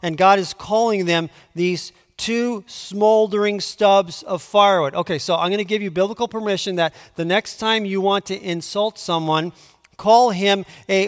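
A man preaching a conversational Bible teaching, moving between quiet asides and emphatic pleading. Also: high-pitched, fairly even intonation, normal speed, clean tone. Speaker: pastor. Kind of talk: sermon. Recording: long hall reverb.

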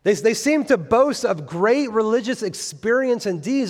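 A man's voice: sits high, expressive, moderate pace, hardly any pauses, in a large hall. A man preaching a sermon as pastor, earnest and building to emphatic peaks on key phrases. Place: church sanctuary.

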